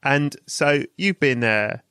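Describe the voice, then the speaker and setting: An English man hosts a relaxed chat, his tone bright and forward as he teases and laughs along with his guest. The recording is close and dry, with no room around the voice. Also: mid-range voice, slow, clean tone, no echo. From England. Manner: chatty, laughs easily, playful asides. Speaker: podcast host. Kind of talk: casual interview chat.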